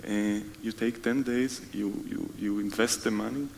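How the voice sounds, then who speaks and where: A man, a tour guide, talking softly and haltingly in a casual interview conversation, often pausing to search for his words. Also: fairly even intonation, gravelly, big-room sound, a little hiss or hum, rough recording. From Israel. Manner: soft-spoken low talker, halting and searching for words.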